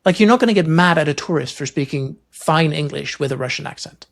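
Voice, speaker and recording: A man hosting a podcast interview, chatting casually and thinking aloud with animated quoted asides. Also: on the high side, fast talker, creaky. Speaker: podcast host.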